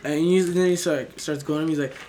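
A man's voice: on the high side, steady tone, fast, a little mellow, a little hiss or hum. A young man casually telling a funny work story on a podcast, rambling and swearing, often breaking into laughter. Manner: laughs often, loose and profane, rambling with fillers.

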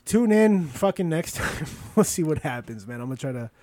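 A man hosting his podcast in casual chat, telling stories loosely with plenty of swearing and sudden loud bursts. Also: fairly high pitch, big pitch swings, brisk, no room sound. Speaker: podcast host.

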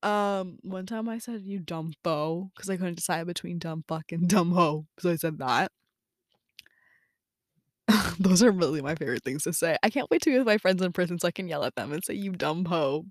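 A woman's voice: on the low side, expressive, brisk, no echo, clean studio sound. A young woman talking casually in a personal audio journal, rambling with many fillers and talking to herself. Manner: rambling, lots of "like" and "um", self-talk. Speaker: podcast host.

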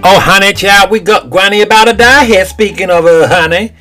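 A man's voice: high-pitched, fairly quick, sharp tone, soft background music. A man voicing a sassy female TV court judge in a comedic audio drama. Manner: sassy, calls everyone honey child.

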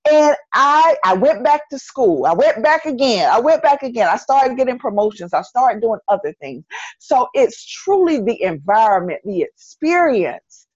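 A woman's voice: on the high side, big pitch swings, normal speed, husky, dry recording. Earnest North Carolina woman, dull dry audio. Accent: Southern US, North Carolina. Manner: earnest, emphatic, repeats phrases for stress. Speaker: podcast guest, educator. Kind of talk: casual interview conversation.

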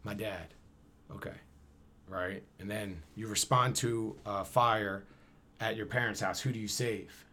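A man, telling a story as a guest in a casual interview, slangy and animated, acting out the dialogue. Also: lowish voice, measured pace. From Camden, New Jersey.

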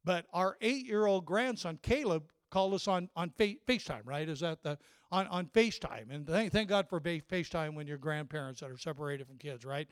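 A man's voice: a little high, brisk, clear, resonant tone, dry recording, studio quality. An older man, a grandfather, preaching a sermon in a storytelling way, often repeating and restarting his words. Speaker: pastor.

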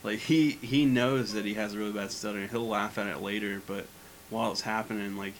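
A man in casual chat, telling a rambling anecdote in a relaxed way. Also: fairly low pitch, fairly quick, low-quality recording. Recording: faint hiss.

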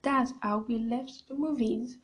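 A young woman hosting a podcast, chatting through a casual story in an expressive way and sometimes dropping into hushed asides. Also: a little high, unhurried, rough recording. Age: young adult. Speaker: podcast host.

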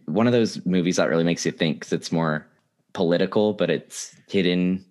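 A man's voice: deep voice, normal speed, darkish tone. A young man co-hosting a podcast, chatting casually and laughing often. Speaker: podcast co-host. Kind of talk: casual chat.

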